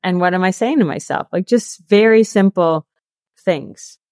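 A woman in her thirties, a guest author and coach, talking casually in an interview with lots of "like" and quick laughs. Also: fairly low pitch, a little mellow, no room sound, studio quality. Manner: chatty, peppered with "like" and laughs.

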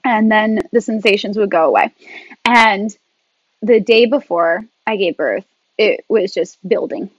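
A woman guest in a casual talk, telling her story in a chatty, animated way. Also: medium pitch, unhurried, no echo, highs cut off. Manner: animated, chatty, laughs often. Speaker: podcast guest.

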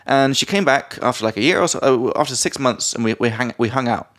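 A man's voice: medium pitch, animated, quick pace, fairly bright tone. A man co-hosting a podcast, telling stories in a loose, chatty way with lots of fillers. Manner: chatty storyteller, many fillers, acts out quoted lines. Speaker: podcast co-host. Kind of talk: casual chat.

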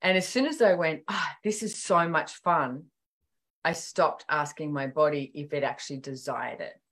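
A woman speaking in casual podcast conversation, telling animated stories and acting out quoted dialogue, with many fillers like "like" and "you know". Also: low voice, moderate pace. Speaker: author and guest.

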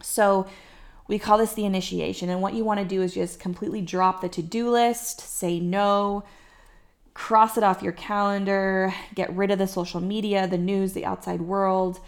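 Woman coach with a gravelly fry. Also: mid-range voice, flat delivery, moderate pace. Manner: warm, reassuring, acts out listeners' anxious inner voices. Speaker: fertility coach. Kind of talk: casual podcast monologue.

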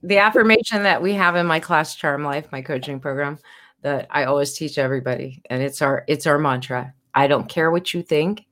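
A woman's voice: low-pitched, brisk, fairly bright tone. A woman host and life coach in casual chat, affirming and motivational.

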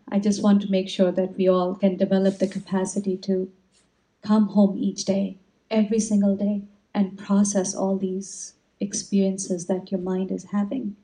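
A woman spiritual teacher giving an inspirational talk, telling stories in a gentle, reflective way. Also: medium pitch, level tone, normal speed, low-quality recording.

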